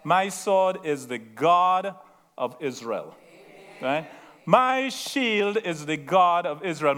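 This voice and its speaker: A man's voice: fairly high pitch, a bit bright. A man voicing a bold, defiant young shepherd hero in a sermon, speaking emphatically and repeating his lines for effect.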